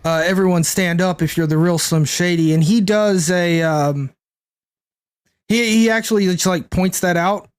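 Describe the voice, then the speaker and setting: A man's voice: high voice, moderate pace, clear, resonant tone. A young man streaming a card game, chatting casually, thinking aloud and answering his chat. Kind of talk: casual live-stream commentary.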